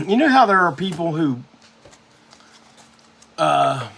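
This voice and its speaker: A man's voice: fairly high pitch, very animated, slow pace, gravelly, a bit bright, breathy edge. A man hosting a live music show, telling a rambling, profane story in a casual monologue.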